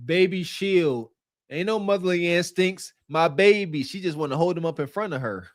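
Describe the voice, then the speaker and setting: A man's voice: high-pitched, moderate pace, dry recording, clean studio sound. A man co-hosting a podcast, giving preachy, joking commentary in slang. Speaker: podcast co-host.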